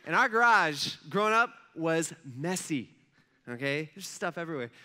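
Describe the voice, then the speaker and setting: A young man preaching to a congregation, telling a story in a lively, conversational way and asking the audience questions. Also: fairly high pitch, normal speed, clear, resonant tone. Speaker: pastor. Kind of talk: storytelling sermon.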